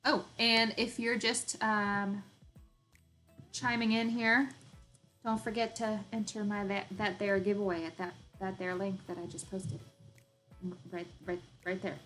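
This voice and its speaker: A woman with a light Southern Arkansas accent hosting a casual homesteading live-stream chat. She rambles, laughs often and fills pauses with ums. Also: mid-range voice, flat delivery, a bit bright, faint music behind, low-quality recording. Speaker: homesteading channel host.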